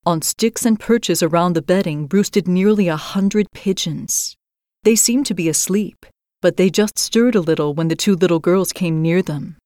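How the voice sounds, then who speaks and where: A woman with a lowish voice narrates a fairy tale as a storytelling host, reading in a measured and expressive way. The sound is dry and close, with no room around it. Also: no room sound.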